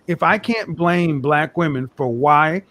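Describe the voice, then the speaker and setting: A man arguing his case as a panel guest, reeling off statistics in a forceful, argumentative way. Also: on the high side, unhurried. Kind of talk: casual panel debate.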